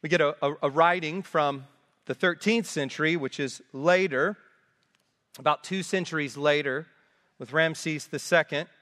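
A high-pitched man delivers a slow, deliberate sermon in a church sanctuary. He leans on repeated phrases for emphasis, and his voice rings with the long reverb of a large hall. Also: a bit bright. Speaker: preacher.

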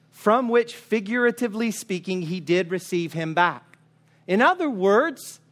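A man's voice: high voice, fairly bright tone. A man preaching a sermon, emphatic and urging, asking his listeners question after question. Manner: emphatic, urging, asks repeated rhetorical questions. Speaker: pastor.

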